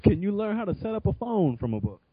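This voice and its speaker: Animated high-voiced man, profane and laughing. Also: fast, breathy edge, no room sound, muffled recording. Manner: loud, profane, laughs a lot, animated storytelling. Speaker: podcast co-host. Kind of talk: casual movie review chat.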